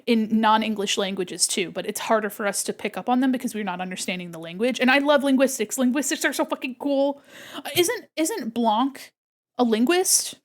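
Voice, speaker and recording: A woman's voice: fairly high pitch, brisk. An American woman streamer and illustrator, chatting casually and bubbly with her viewers while she draws. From United States. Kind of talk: casual live-stream chat while drawing.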